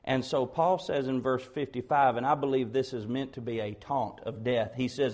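A man preaching an expository sermon, building to loud, slowed, emphatic peaks on key words. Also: mid-range voice.

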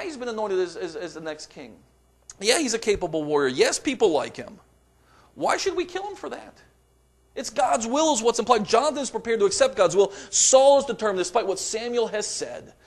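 A man delivering a sermon, reading scripture aloud with dramatic emphasis and rising to forceful peaks. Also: high-pitched, very animated, normal speed. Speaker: preacher.

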